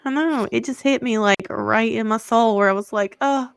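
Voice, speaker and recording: A woman's voice: a little high, moderate pace, creaky, clear, resonant tone, no echo. Chatty woman in a dry room. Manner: chatty, laughs often, swears freely. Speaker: podcast co-host. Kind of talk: casual chat.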